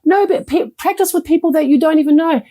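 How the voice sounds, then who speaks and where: A middle-aged woman coaching on communication as an interview guest. She talks with lively energy and acts out quoted thoughts in a brighter voice. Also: high voice, quick pace. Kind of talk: interview conversation.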